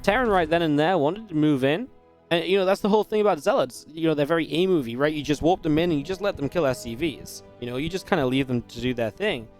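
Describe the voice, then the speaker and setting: A man casting a real-time strategy match alone, in energetic play-by-play commentary with chatty asides. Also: fairly high pitch, fast, faint music behind. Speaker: esports caster. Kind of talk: solo play-by-play game commentary.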